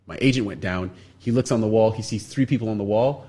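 A man from Canada, a guest on a radio show, telling a long story with lively energy and acting out the other people in it. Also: lowish voice, fast talker, husky. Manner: animated storyteller, acts out other people's lines.

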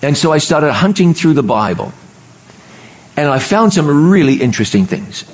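A middle-aged man delivers a sermon in a fairly high voice. He is emphatic, drawing out and pausing on the words he wants to land. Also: very animated. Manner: emphatic, pauses and slows on key words. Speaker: preacher.

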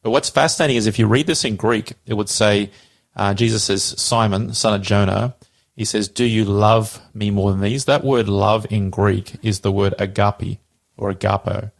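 A man's voice: lowish voice, steady tone, moderate pace, vocal fry. A man casually explaining a Bible passage, animatedly acting out the quoted dialogue.

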